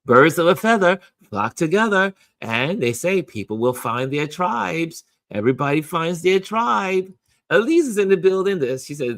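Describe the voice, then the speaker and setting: A man's voice: on the high side, a bit bright, no echo. A man hosting a community game night, casually telling a story and acting out both sides of a conversation. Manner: chatty, with many restarts and repeated "I said".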